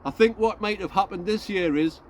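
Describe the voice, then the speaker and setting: A man's voice: sits high, a little fast, darkish tone, slight background noise. A man vlogging from his outdoor allotment, rambling chattily to his viewers and laughing at himself as he goes. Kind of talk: casual chat to camera.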